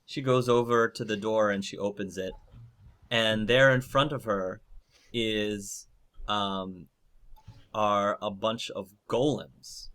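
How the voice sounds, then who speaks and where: Slow, hesitant man narrating a game. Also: fairly low pitch, steady tone, a bit bright. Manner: hesitant, with many ums. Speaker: game master.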